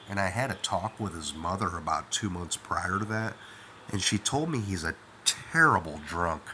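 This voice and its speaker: A man's voice: fairly low pitch, pushed and bright, slight background noise. A middle-aged man, half asleep, rambling through a first-person story with lots of fillers. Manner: rambling, with many fillers like "you know" and "man".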